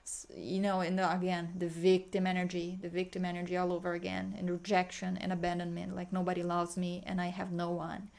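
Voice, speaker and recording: Soft, sighing woman with a gravelly edge. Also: lowish voice, completely flat delivery. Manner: slow, soft, sighing, breaks into chanted light language. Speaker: spiritual healer. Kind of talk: guided healing meditation.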